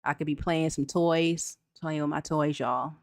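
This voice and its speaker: A woman with a slightly low voice hosts a live chat, reading out viewer comments and answering them candidly. She talks straight to her audience in a casual, personal way. The sound is close and dry, with no room echo. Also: fairly even intonation, measured pace. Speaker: channel host.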